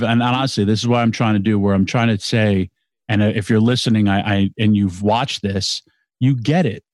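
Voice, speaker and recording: Excitable man chatting about wrestling. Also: medium pitch, dry recording. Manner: excitable, rambling, quick restarts. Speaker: podcast co-host. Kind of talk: casual wrestling chat.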